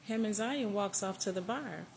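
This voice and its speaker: A woman casually narrating a story she wrote herself, chatty and full of loose asides. Her voice sits at a middle pitch. There is a faint noise behind her. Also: normal speed, vocal fry, darkish tone.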